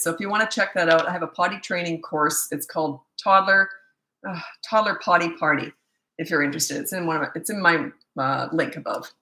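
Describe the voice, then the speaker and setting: An older woman, a parenting coach, answering viewer questions in a quick, chatty live-stream Q&A from a phone. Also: fairly low pitch, sharp tone. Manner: fast-talking, chatty. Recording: echoey room.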